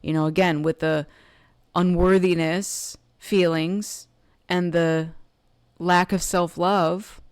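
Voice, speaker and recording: A woman's voice: lowish voice, little pitch movement, slow pace, a little mellow, clean tone, no room sound, studio quality. A woman giving a casual tarot love reading in a chatty way, full of fillers and often acting out what other people think. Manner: chatty, filler-heavy, slips into acting out quoted thoughts. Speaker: tarot card reader.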